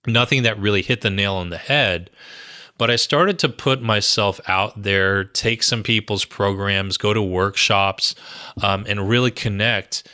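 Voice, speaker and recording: A man, a guest on a podcast, telling stories in a lively way with many "you know"s and "um"s. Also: fairly low pitch, a little slow, no echo, clean studio sound. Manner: animated storyteller, fillers like "you know" and "um". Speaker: guest, brand strategist and author. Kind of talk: podcast interview storytelling.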